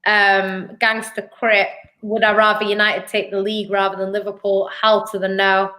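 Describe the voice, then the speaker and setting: A woman from Manchester, England co-hosts a casual live-stream football fan show, arguing her case chattily and saying "do you know what I mean" a lot. Her mid-range voice is pushed and bright, delivered flat at a moderate pace.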